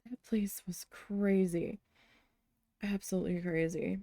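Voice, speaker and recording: A woman's voice: mid-range voice, steady tone, measured pace, dark tone, dry recording, studio quality. A woman telling a story in casual chat while crafting, chatty and exasperated, swearing now and then. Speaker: craft vlogger.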